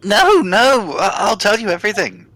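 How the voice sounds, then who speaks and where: A woman's voice: mid-range voice, very animated, moderate pace, a bit bright. A woman voicing a frightened man caught hiding in a wardrobe, stammering and pleading. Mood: cowering.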